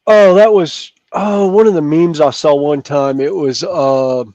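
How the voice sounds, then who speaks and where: A man's voice: on the high side, measured pace, darkish tone, no echo. A man in his fifties with a Southern US accent, chatting casually on a hobby show, rambling and self-mocking as he trails off into fillers. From Southern United States. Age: 50s. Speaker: regular on a hobby chat show. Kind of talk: casual chat. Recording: dull, dry sound.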